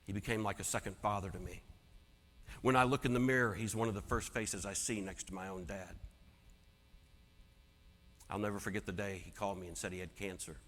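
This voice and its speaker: A man telling a personal story as a keynote speaker, dramatic and swinging from hushed to loud. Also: fairly low pitch, steady tone, a little fast, pauses often. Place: large conference hall. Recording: long hall reverb.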